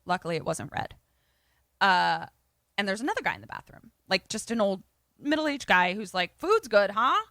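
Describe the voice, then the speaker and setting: A woman with a creaky, medium-pitched voice talks at a moderate pace, with no echo. Co-hosting a podcast, she casually recaps a movie in an animated way, acting out the characters' lines.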